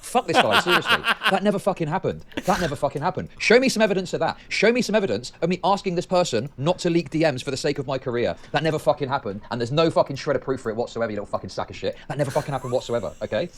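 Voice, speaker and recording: Man, streamer, heated reaction rant, profane, emphatic repetition, lively pitch. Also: rapid-fire, few pauses.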